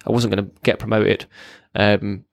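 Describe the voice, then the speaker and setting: A man's voice: fairly low pitch, flat delivery, normal speed, creaky, no echo. A man, a military veteran, giving a raw, blunt personal account as a podcast guest, swearing freely and often restarting his sentences.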